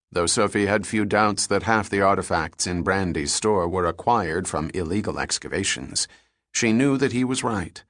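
A man giving measured, scripted narration of a novel. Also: low-pitched, a bit bright, dry recording, studio quality. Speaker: audiobook narrator.

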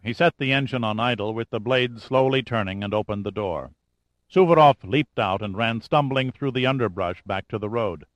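A man narrating an audiobook thriller in a steady, measured voice. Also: medium pitch, no room sound. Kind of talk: scripted narration.

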